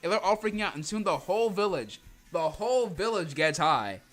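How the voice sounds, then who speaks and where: A man's voice: high voice, sing-song, a little fast, fairly bright tone, soft background music. A man livestreaming a comic reading, joking in heavy slang and laughing often. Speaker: streamer.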